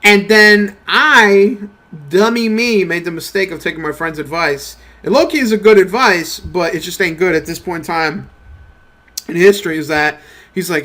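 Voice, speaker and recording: A young man rambling through a profane, animated story while commentating a mobile game he is playing. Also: sits high, normal speed. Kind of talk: casual gameplay commentary rant.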